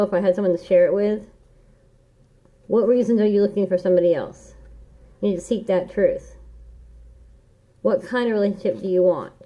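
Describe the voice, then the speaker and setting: A woman giving a casual tarot reading, talking in an earnest, encouraging way and repeating key phrases like a mantra. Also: medium pitch. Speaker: tarot reader. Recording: dull lo-fi home recording.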